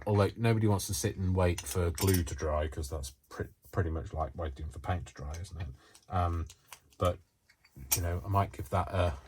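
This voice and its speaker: Low-voiced rambling craft vlogger man. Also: a little hiss or hum. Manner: rambling and excitable, lots of fillers. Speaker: craft channel host. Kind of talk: casual craft demonstration.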